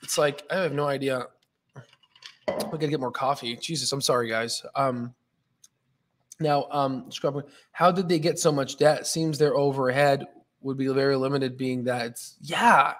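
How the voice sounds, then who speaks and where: A man's voice: mid-range voice, steady tone, normal speed. A man hosting a stock market channel, walking through a chart in casual, rambling talk full of fillers and restarts, sounding a bit tired. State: yawning, tired.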